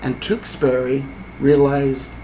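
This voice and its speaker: A man's voice: medium pitch, flat delivery, slow pace, warm tone, slight background noise, low-quality recording. A man co-hosting a podcast, telling a film's ending in a rambling way with lots of fillers. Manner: rambling, hesitant storytelling with many fillers. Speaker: podcast co-host. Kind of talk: casual film discussion.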